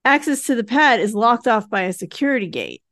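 A woman's voice: a little high, lively intonation, fairly bright tone, no echo. Dry-voiced woman recapping TV plot. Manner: retells the plot in quick plain narration, acting out characters' lines. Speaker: podcast co-host recapping a TV episode. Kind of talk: casual recap narration.

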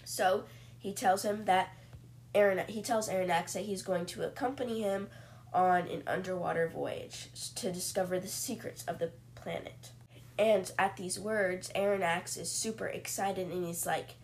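A woman's voice: medium pitch, slow pace. Chatty woman retelling a book. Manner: chatty, lots of "like" fillers. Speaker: podcast host. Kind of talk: casual book-summary narration.

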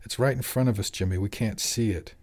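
A gruff, cynical fisherman who speaks bluntly, voiced by a man reading an audiobook. His voice is low and plain. He talks in short, hard lines. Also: brisk, a little mellow, close to an everyday voice.

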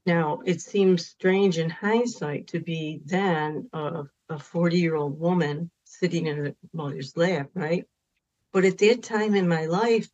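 Earnest low-voiced woman on a dull recording. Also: darkish tone. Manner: earnest, emphatic in moments of feeling. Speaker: spiritual counselor, podcast guest. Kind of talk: personal storytelling in an interview.

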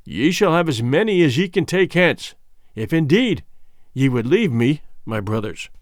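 A man voicing a stern, commanding king in an audiobook, with measured, grave pronouncements. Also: on the high side, big pitch swings, dry recording, studio quality. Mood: solemn. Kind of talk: audiobook character voice.

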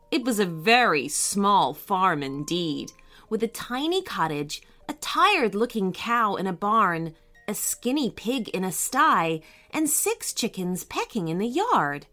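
Woman host, kids' storybook narration; bright, slow, sing-song delivery. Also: mid-range voice, faint music behind. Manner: warm, expressive reading aloud to kids.

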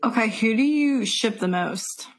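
A woman's voice: on the high side, animated, measured pace. A woman co-hosting a casual chat, asking questions and readily agreeing. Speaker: co-host.

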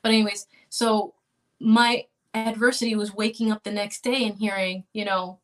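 A middle-aged woman recounting a hard personal story in an interview, earnest and halting, with restarts and small laughs. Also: medium pitch, little pitch movement. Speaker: interview guest.

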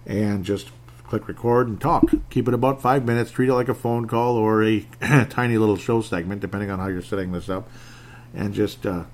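A man talks alone into his home podcast microphone, wandering from point to point and laughing at himself. His voice sits fairly low, and small lip smacks creep in now and then. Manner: rambling, self-deprecating, laughs often. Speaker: podcast host. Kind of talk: casual solo podcast monologue.

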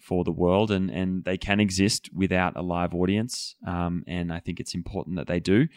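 Man, very low voice, dry close sound, methodical results rundown. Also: clean tone, no room sound. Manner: measured, methodical, listing results. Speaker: podcast co-host. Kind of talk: podcast news rundown.

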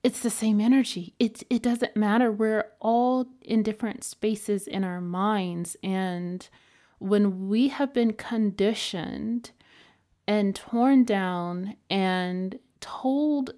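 A woman hosts a self-help podcast at a medium pitch. She talks in a relaxed, chatty way and leans on fillers as she tells her stories. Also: takes it slowly. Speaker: podcast host. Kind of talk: casual motivational monologue.

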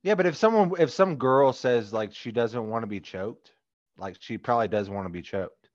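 A man's voice: medium pitch, expressive, normal speed, no echo. Rambling man on a dull lo-fi mic. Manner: rambling, full of "like" fillers. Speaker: podcast co-host. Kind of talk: casual comedic chat. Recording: dull lo-fi dry sound.

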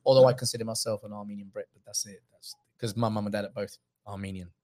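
A man, a comedian guest in casual chat, spinning lively anecdotes. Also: fairly low pitch, fast. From England. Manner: animated storyteller, acts out quotes.

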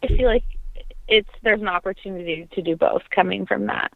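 A young woman, a trained singer, reflecting earnestly in an interview, pausing often with ums and restarts. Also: mid-range voice, vocal fry, no echo. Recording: dry, tinny phone-like line.

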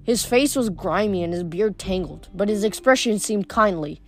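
A woman's voice: mid-range voice, lively intonation, moderate pace, faint music behind. A woman reading a novel aloud in a plain voice, with small stumbles and self-corrections. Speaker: audiobook reader.

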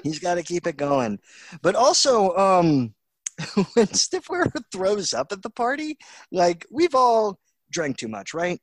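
A man's voice: high voice, very animated, slow, dry recording. A man co-hosting a podcast in casual chat, amused and laid-back as he recounts film moments. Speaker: podcast co-host.

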